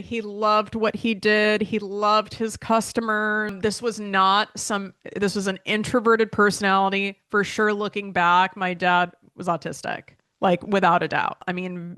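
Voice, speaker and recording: A woman's voice: medium pitch, a bit bright, clean tone, no echo, clean studio sound. A woman hosting her own podcast in a chatty, emotional way, full of fillers, near tears as she speaks. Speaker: podcast host and business coach. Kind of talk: casual solo podcast talk.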